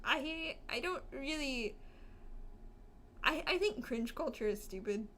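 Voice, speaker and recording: A woman's voice: sits high, expressive, fairly bright tone. A young woman in her twenties co-hosting a podcast, talking casually with lots of laughter, fillers and restarts. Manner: fast, laughing, filler-heavy talk with many restarts. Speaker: podcast co-host. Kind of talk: casual chat.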